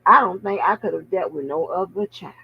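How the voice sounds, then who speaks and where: A woman host giving casual, profane commentary with animated, drawling asides. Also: lowish voice, brisk, husky. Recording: dull lo-fi sound.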